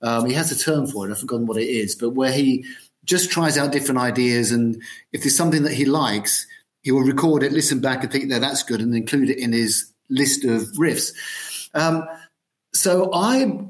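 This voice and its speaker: A man's voice: mid-range voice, moderate pace. Man musing in an interview. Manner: thoughtful, hesitant with many ums. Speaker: guitarist and producer, guest. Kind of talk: podcast interview.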